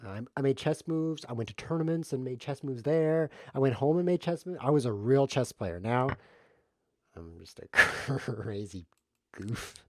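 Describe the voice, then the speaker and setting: A man's voice: mid-range voice, lively intonation, a little fast, hardly any pauses, dark tone, slight background noise. A man streaming a chess variant, joking and mocking himself as he calls his own moves. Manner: jokey self-mocking play-by-play, laughs often. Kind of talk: casual live game commentary.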